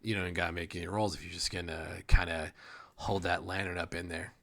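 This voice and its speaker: A man's voice: deep voice, level tone, brisk, a bit bright. A man narrating a tabletop game as game master, describing scenes with frequent restarts.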